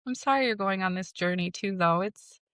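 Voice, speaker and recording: A woman in her thirties talking as a podcast guest, halting, with many fillers and self-conscious asides. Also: medium pitch, fairly bright tone, dry recording. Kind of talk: casual conversation.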